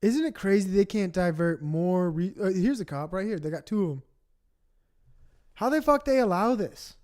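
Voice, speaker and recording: Male streamer, high voice, profane rambling rant, live reaction. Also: animated, normal speed, darkish tone. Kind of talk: livestream reaction commentary.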